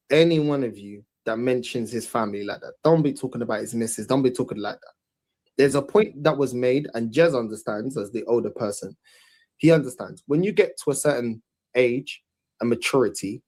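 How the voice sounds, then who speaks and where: A man's voice: mid-range voice, a little mellow. A man speaks bluntly to his live chat. His talk is slangy and firm, and he keeps stressing the same points. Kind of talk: casual live-stream chat.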